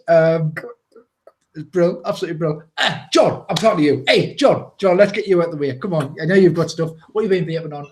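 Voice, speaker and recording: A British man co-hosting a live show, chatting casually and excitedly, rambling with fillers and laughs. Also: on the high side, fast talker. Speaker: co-host.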